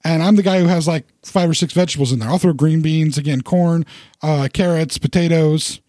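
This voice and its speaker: A man's voice: fairly high pitch, brisk, warm tone, no echo. A man chatting casually about food, rambling and self-deprecating. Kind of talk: casual chat.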